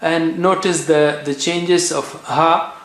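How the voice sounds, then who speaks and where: A man's voice: a little high, fairly even intonation, fairly bright tone. Man drilling Arabic letter sounds. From India. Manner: repeats sounds slowly for drilling, says "okay" often. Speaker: Quran recitation teacher. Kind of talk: tajweed pronunciation lesson. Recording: echoey room.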